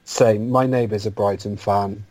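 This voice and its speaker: A man's voice: fairly low pitch, steady tone, a little slow, darkish tone, poor audio. A man co-hosting a casual football podcast, talking with frequent restarts and repeated words. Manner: hesitant, repeats words, makes puns. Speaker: podcast co-host. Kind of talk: casual chat.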